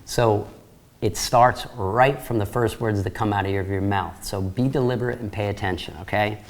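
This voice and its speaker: A man's voice: lowish voice, steady tone, moderate pace. A man giving a sales training lecture, coaching trainees in an upbeat, direct way.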